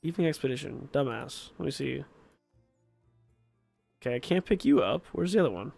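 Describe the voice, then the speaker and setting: A man's voice: medium pitch, lively intonation, moderate pace, vocal fry, a little mellow, slightly rough, dry recording, soft background music. A man giving casual gameplay commentary, exasperated and swearing, asking the same questions again and again. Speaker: gaming streamer.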